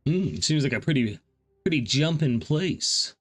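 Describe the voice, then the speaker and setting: A man's voice: a little high, expressive, a little slow. A man playing a tabletop game, trading playful in-character banter with frequent laughs. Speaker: player.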